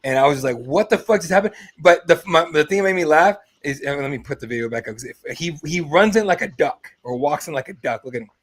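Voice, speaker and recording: A man's voice: on the high side, expressive, fast, few pauses, fairly bright tone. Laid-back man in casual chat. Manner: laid-back, slangy, agreeing. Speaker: podcast co-host.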